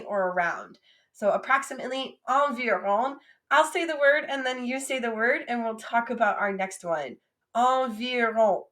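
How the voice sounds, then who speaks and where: A woman teaching French vocabulary patiently, saying words and pausing for the listener to repeat them. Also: mid-range voice, fairly bright tone. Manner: patient, drills words for repetition. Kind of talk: recorded classroom lesson.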